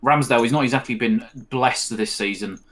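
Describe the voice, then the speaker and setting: A man's voice: medium pitch, a little fast, fairly bright tone. A man co-hosting a casual live football watch-along, mixing play-by-play with rambling chat. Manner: chatty, rambling, with fillers and laughs. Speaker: co-host of a match watch-along.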